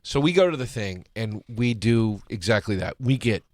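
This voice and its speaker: A man's voice: lowish voice, expressive, normal speed, no echo. A man hosting a podcast, telling a profane anecdote in casual chat and laughing as he goes.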